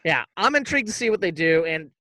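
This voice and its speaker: A man co-hosting a podcast, casually retelling a movie plot in a rambling, profane way and tossing off quick impressions of the characters. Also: a little high, sing-song, bright, forceful tone, dry recording, rough recording. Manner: rambling, profane, acts out quotes loosely. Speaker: podcast co-host. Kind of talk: casual movie recap chat.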